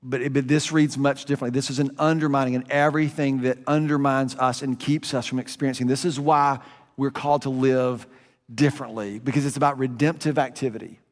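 A pastor delivers a sermon in an easy, conversational way, talking like he's telling a story. His voice sits at an everyday middle pitch, and it climbs high for emphasis then drops low and quiet. The sound carries a long reverb, like a big sanctuary. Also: fairly even intonation, brisk. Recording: long reverb of a large room.

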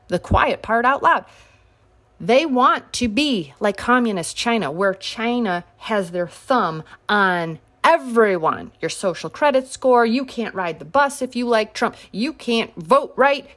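A woman talks through political commentary in a casual, combative way. Her pitch swings widely, dropping low on asides and leaping up on sarcastic jabs. She sounds exasperated and mocking. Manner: sarcastic, combative, rising to near-shouts on sharp points.

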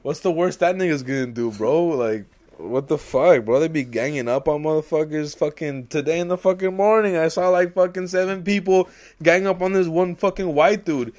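A man's voice: a little high, moderate pace, darkish tone. A young man, co-hosting a casual podcast, rambling and swearing constantly, often laughing and acting out quotes. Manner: profane, rambling, laughs a lot, acts out quotes. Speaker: podcast co-host.

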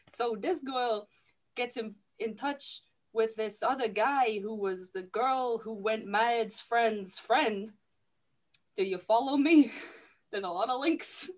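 A woman casually recapping a film for a podcast, sweary and laughing, slipping into quick character voices. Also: on the high side.

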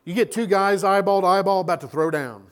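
A man preaching a sermon as a pastor, animated and acting out little scenes. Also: high voice, a little fast.

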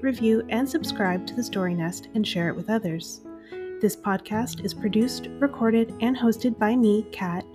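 A woman hosting a children's story podcast, reading aloud in a gentle, expressive way. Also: mid-range voice.

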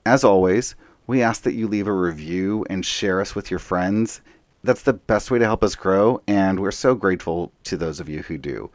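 Deep-voiced man hosting a podcast. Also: dry recording. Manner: upbeat, friendly announcements. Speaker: podcast co-host. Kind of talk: podcast intro and casual chat.

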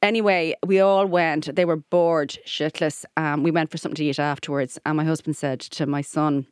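A woman's voice: sits low, steady tone, moderate pace, no room sound, clean studio sound. An Irish woman co-hosting a comedy podcast, chatty and reading listener messages aloud. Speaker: podcast co-host. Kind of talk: casual comedy podcast chat.

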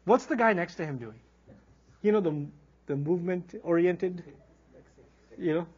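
A man giving a humorous Quran lecture as a teacher, animated and acting out characters as he tells stories. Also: high voice, unhurried, muffled recording, a little hiss or hum. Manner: animated storyteller, acts out quoted characters. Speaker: Islamic teacher.

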